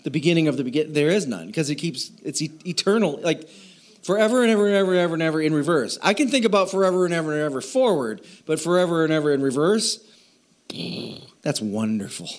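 A man delivers a sermon in a fairly high voice. He keeps it loose and chatty, laughs at his own asides, and puts questions to his listeners. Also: lively intonation, quick pace. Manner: asks the audience questions. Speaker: pastor.

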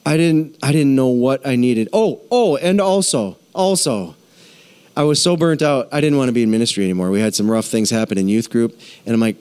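A middle-aged man, a pastor, preaching a sermon and telling his own story candidly, his voice swinging higher when he gets emphatic. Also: brisk, clean tone. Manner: candid, confessional storytelling with lively pitch swings.

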